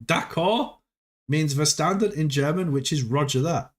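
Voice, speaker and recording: A man's voice: on the high side, a little slow. A man hosting a casual livestream, playfully quizzing a viewer on foreign phrases and cheering him on. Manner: playful, teasing quizmaster who coaxes viewers. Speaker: host.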